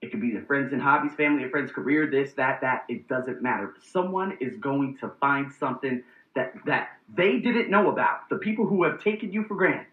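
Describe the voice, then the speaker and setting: A man's voice: medium pitch, fairly quick. Blunt, profane man with tinny echo. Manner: blunt, profane, animated storytelling. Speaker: host. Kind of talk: casual personal vlog monologue.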